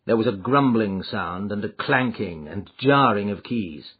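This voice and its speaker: A man narrating a classic detective audiobook in a measured, even storytelling manner. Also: lowish voice, breathy edge. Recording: slightly muffled lo-fi audio.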